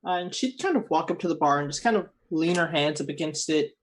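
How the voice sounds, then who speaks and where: A man's voice: fairly high pitch, lively intonation, a little fast, rough recording. A man playing a tabletop game, describing his character's actions hesitantly, with filler words. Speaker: player.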